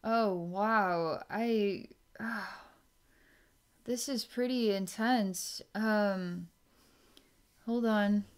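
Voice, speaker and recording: A woman giving a psychic healing session, musing slowly and trailing off with fillers. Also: mid-range voice, clean tone. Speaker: psychic energy healer.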